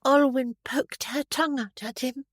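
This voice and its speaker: A woman reading a small, stubborn little girl in a storybook, with a slow childlike lilt. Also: high voice, fairly even intonation, no echo, studio quality, pitched above the performer's own voice. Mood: sulky.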